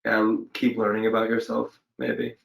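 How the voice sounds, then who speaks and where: A man with a fairly low voice talks through his answers slowly and reflectively. He hesitates, restarts his sentences and fills the pauses with "um". The talk is casual, recorded at home for an interview. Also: gravelly, fairly bright tone, low-quality recording. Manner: thoughtful, hesitant, many fillers and restarts. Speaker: actor guest. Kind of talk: casual interview over video call. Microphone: home setup during lockdown.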